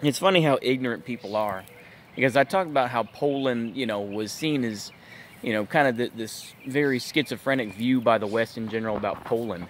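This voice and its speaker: A man's voice: mid-range voice, a little hiss or hum. A man hosting his own channel, ranting in an exasperated, incredulous way and leaning on fillers. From United States. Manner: exasperated, incredulous, lots of filler like "it's just like" and "bruh". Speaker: channel host, political commentator. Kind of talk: ranting vlog commentary.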